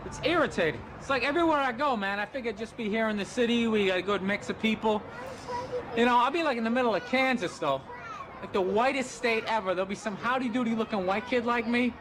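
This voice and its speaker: A man's voice: very high voice, quick pace, background noise. A middle-aged man, a comedian, ranting bluntly and sarcastically in a stand-up and podcast style. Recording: clip with audience laughter.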